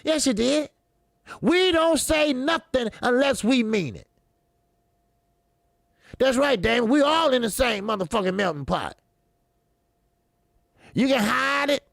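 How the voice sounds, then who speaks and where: Boxing channel guy ranting, high raspy gravelly voice, cussing and mocking, real fired up. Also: animated, slow pace, long pauses, a bit bright, no room sound, studio quality. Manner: profane, repetitive, mocking, fiery. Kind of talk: heated commentary monologue.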